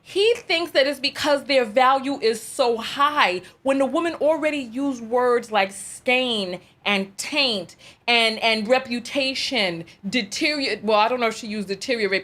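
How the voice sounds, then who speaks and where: A woman's voice: on the high side, a bit bright. A woman hosting a reaction video, commenting in an exasperated, dramatic way and laughing through it.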